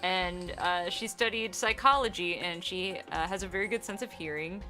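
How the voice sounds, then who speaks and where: A woman's voice: lowish voice, pushed and bright, soft background music. Chatty, profane woman game streamer. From northern United States. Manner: chatty and profane, quick bursts, frequent laughs. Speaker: let's play streamer, co-host. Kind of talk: casual game-stream chat.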